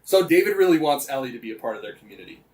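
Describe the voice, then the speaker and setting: A man's voice: mid-range voice, big pitch swings, racing, a little mellow. A man co-hosting a casual podcast, animatedly retelling events with lots of swearing and "like" fillers. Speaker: podcast co-host.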